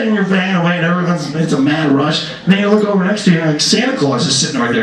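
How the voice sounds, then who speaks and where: Brief: young male comic on a club stage, lively swooping delivery, distant roomy sound with an audience. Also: fairly high pitch, rapid-fire, few pauses. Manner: crude, jumps into shouted character voices. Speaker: stand-up comedian. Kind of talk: stand-up comedy set. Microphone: handheld stage mic. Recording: echoey club from far off, crowd.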